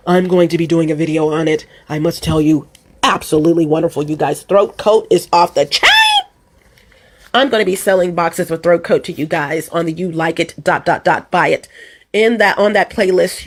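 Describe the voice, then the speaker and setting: A woman vlogging in casual chat, hoarse from allergies and a cold, rambling and repeating herself as she talks to her viewers. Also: lowish voice. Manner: rambling and repetitive, addresses viewers as "you guys". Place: at home.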